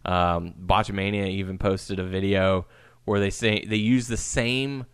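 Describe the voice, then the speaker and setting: A man in his thirties co-hosting a laid-back wrestling podcast, relaxed and given to casual cursing. His voice sits low, recorded dry and close with no room sound. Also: measured pace, clear, resonant tone, dry recording. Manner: relaxed, laughs easily, curses casually. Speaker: podcast co-host.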